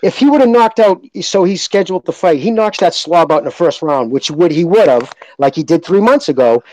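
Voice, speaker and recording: A man's voice: on the high side, lively intonation, brisk, darkish tone, no room sound, low-quality recording. A man co-hosting a boxing podcast, arguing his point emphatically in casual chat, with frequent swearing. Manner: emphatic, argumentative, profane. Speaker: podcast co-host.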